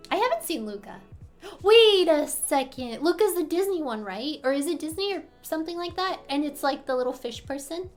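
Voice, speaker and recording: A bubbly American woman with a high voice chats casually on a live stream, giggling as she answers viewers' questions. Soft music plays faintly behind her. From United States. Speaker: livestream host answering chat. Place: apartment in Korea.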